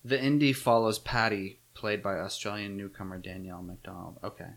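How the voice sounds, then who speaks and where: A man's voice: fairly low pitch, fairly even intonation, normal speed, creaky, a bit bright. A man co-hosting a film podcast in casual chat, dropping short, dry remarks. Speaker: podcast co-host.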